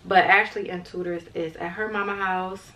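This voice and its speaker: Speaking at a moderate pace, a young woman with a lowish, steady, sharp-toned voice talks casually to her vlog viewers. She's chatty and calls them "y'all" throughout. She's filmed on a handheld camera mic, in her car and then back home.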